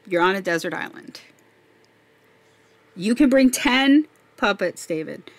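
A woman's voice: medium pitch, expressive, no echo. Playful joking woman with a dry close sound. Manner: playful, joking, quick interjections. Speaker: podcast host and music teacher. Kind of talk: casual podcast chat.

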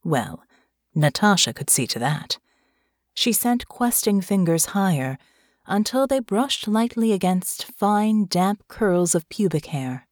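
An audiobook narrator, a woman, reads a scripted story slowly and in a measured way. Her mid-range voice has a darkish tone and lively intonation. The recording is clean studio sound with no room sound.

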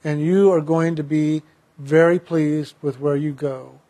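A man voicing a calm male spirit guide who speaks gently and persuasively, in his own high voice. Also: measured pace, close to an everyday voice. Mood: gentle.

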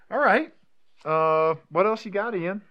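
A man co-hosting a relaxed car podcast with a friend. He jokes around and laughs often. His talk comes in quick, loose bursts. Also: high-pitched, muffled recording. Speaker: podcast co-host. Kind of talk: casual chat.

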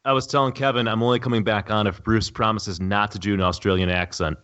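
Low-voiced dude calling in, kinda muffled lo-fi line, lots of uhs. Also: male voice, steady tone, quick pace, a bit bright. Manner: hesitant, many fillers. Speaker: podcast guest, tournament organizer. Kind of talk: casual interview.

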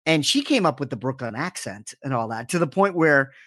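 A man in casual podcast chat, an animated storyteller who acts out the lines he quotes. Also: mid-range voice, fairly quick, no room sound, clean studio sound. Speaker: podcast co-host.

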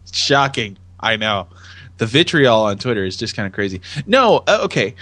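A man co-hosting a casual chat podcast, animated and laughing often as he reads tweets aloud in voices. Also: lowish voice, brisk, no room sound. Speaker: podcast co-host.

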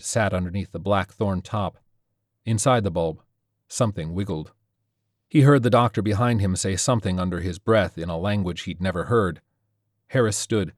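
A man narrating a story in a steady, measured reading style. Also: low voice, dry recording, studio quality. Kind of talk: audiobook narration of a sci-fi horror story.

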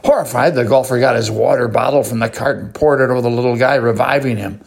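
A male host who tells a joke in a folksy, animated way and then signs off the show. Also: mid-range voice, fast, gravelly, husky. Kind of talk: joke telling and show sign-off.

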